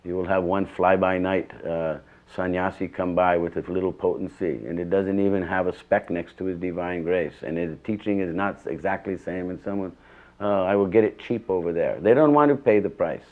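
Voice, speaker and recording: A man's voice: deep voice, a little fast, few pauses, phone-quality sound. An older man in an interview, earnestly recalling his spiritual teacher in rambling, emphatic stories. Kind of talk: reminiscing interview.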